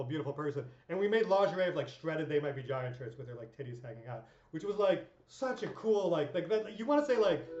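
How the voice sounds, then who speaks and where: A woman's voice: extremely low pitch, a little mellow, a little hiss or hum. A woman in her thirties telling rambling stories in a casual vlog, full of fillers, swearing and laughs. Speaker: vlogger. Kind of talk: casual storytelling monologue. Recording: echoey dull room sound.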